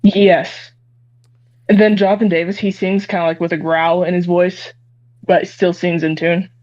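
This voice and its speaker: A guest chatting casually on an interview show, talking haltingly with many restarts. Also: medium pitch, little pitch movement, darkish tone, dry recording. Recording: dull, dry, lo-fi call audio.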